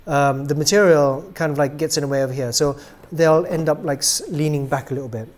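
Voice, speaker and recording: A man's voice: a little high, brisk. Chatty man demonstrating a doll, many ums. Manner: relaxed and chatty, many ums, trails off quietly at ends of phrases. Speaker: doll maker demonstrating a product. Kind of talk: casual product demonstration.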